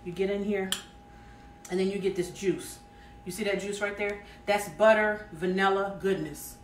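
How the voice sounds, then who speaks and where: Her voice mid-range and fairly even, moderately paced, a Southern-accented cooking show host chats folksily with her live stream viewers and reads out their comments. She's in her home kitchen, captured through a distant mic with roomy sound and slight background noise.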